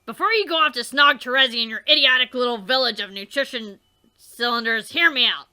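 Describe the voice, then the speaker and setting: A woman voicing a furious, shouting male troll teenager who swears and yells in a visual novel. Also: very high-pitched, big pitch swings, normal speed, gravelly, voice pushed up, full character voice. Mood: angry shouting. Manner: loud, yelling, swearing.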